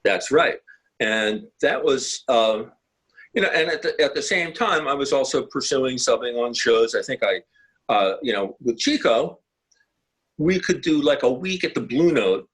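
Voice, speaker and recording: A man's voice: mid-range voice, expressive, measured pace, a bit bright, slightly rough, low-quality recording. An older man, a guest musician, telling long rambling anecdotes in a casual interview. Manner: rambling, anecdotal, many restarts. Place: home, video call.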